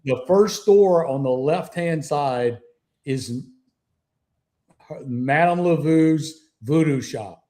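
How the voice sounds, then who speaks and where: Guy, mellow voice a bit high, swears a lot telling cop stories over a call. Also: takes it slowly. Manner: salty, profane anecdote-telling. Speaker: guest author, retired police officer. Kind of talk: casual storytelling interview.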